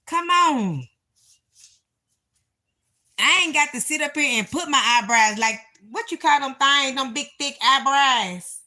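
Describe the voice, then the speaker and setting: Animated woman host talking to camera at home, slightly high and bright voice, emphatic and chatty. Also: unhurried, pauses often. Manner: animated, emphatic, speaks in Southern-style vernacular. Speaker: reaction video host. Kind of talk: casual chat to viewers. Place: home, indoors. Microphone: phone or camera nearby.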